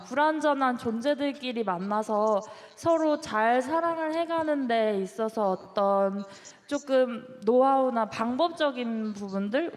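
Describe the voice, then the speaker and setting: A woman in the audience of a lecture, asking an earnest question and thinking it through aloud. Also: fairly high pitch. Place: lecture hall. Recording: long hall reverb.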